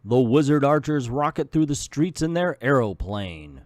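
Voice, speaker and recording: A man's voice: mid-range voice, big pitch swings, moderate pace, hardly any pauses, darkish tone, no room sound, clean studio sound. A man hosting a comedic comic book read-through, narrating panels dramatically and tossing in jokey asides. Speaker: host reviewing a comic.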